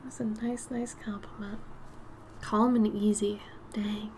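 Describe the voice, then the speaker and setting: A woman with a raspy, smoky voice chatting casually while she paints on a live stream, her nose a little stuffy. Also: mid-range voice, little pitch movement, slow, slight background noise. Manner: chatty, drifts between topics, soft murmured asides.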